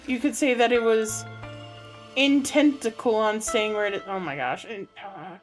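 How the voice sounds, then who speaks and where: A woman's voice: a little high, unhurried, soft background music. A woman streaming a game, reading the dialogue aloud and putting on goofy voices for the characters. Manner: reads every character herself, swinging between goofy put-on voices and her own. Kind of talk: casual let's-play with read-aloud voices.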